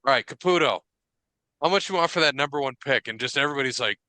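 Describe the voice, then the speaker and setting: A man co-hosting a sports podcast in casual chat, telling animated, profane stories full of quoted dialogue. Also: mid-range voice, fast, no echo. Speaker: podcast co-host.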